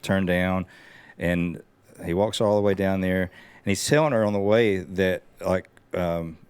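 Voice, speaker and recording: A man co-hosting a podcast who tells stories in a relaxed, rambling way. His voice is deep and smooth. The sound is dry and close. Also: a little slow, no room sound. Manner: relaxed storytelling with many fillers. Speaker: podcast co-host. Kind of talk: casual chat.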